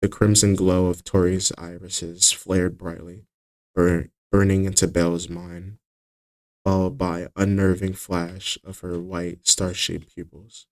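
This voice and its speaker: A man narrating his own fantasy book as an audiobook, steady with occasional slips and restarts. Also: low-pitched, measured pace, low-quality recording.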